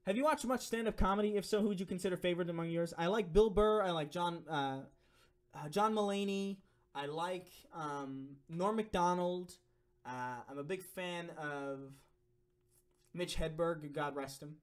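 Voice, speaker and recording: A man's voice: sits high, expressive, normal speed. Rambling young man on a casual stream. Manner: rambling, swearing, filler-heavy. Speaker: streamer reading donations.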